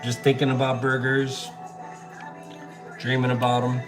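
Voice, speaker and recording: A man's voice: medium pitch, monotone, measured pace, over music. A man livestreaming as he cooks, chatting casually and answering viewer comments, calling people bro and dude. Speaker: chef livestreaming while cooking. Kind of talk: casual live-stream chat while cooking.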